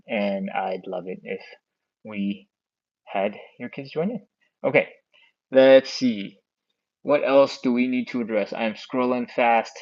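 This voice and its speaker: A man's voice: mid-range voice, darkish tone, lo-fi sound. A man hosting a live follow-along stretching class, counting down holds and chatting with viewers as he reads their comments. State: a bit out of breath. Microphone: phone on a stand.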